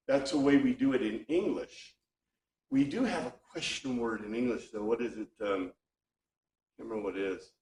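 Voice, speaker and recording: A man's voice: medium pitch, expressive, moderate pace, darkish tone, a little hiss or hum. Man teaching a Bible class in an echoey room. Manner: thinking aloud, with many restarts. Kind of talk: informal Bible class lecture. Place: classroom with a small group. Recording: echoey room, speaker far from mic.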